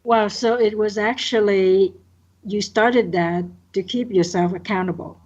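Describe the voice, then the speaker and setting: A woman's voice: medium pitch, fairly even intonation, measured pace, a little mellow. A woman hosting a podcast interview, asking curious follow-up questions. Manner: inquisitive, light laughter. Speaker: podcast host. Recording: muffled lo-fi audio.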